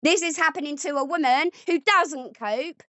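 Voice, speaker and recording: A woman's voice: high-pitched, moderate pace, pushed and bright, no room sound, lo-fi sound. A woman arguing angrily at home, accusatory and sarcastic. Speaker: vlogger. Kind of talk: heated domestic argument.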